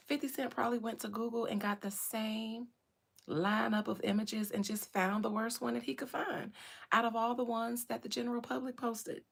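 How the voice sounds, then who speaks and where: Gravelly-voiced woman hosting a livestream. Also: a little high, flat delivery, normal speed. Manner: chatty, drops into whispered asides. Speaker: livestream host. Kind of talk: casual commentary.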